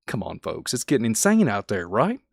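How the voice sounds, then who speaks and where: A man hosting a conspiracy podcast, talking excitedly and folksy straight to his listeners. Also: on the low side, brisk, vocal fry, dry recording, studio quality. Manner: animated, folksy, talks straight to the audience. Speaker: podcast host.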